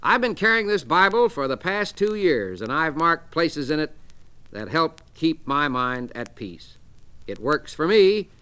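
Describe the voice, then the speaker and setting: A man's voice: a little high, very animated, a little slow, sharp tone, smooth, full character voice. A man voicing a kindly businessman earnestly telling a colleague about his own experience. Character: kindly, calm middle-aged businessman.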